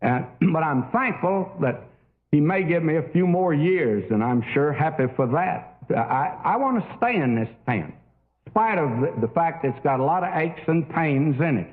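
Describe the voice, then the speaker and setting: A man's voice: a little high, animated, normal speed. An older man preaching a sermon in a folksy, storytelling way with many fillers. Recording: tinny phone-like old recording.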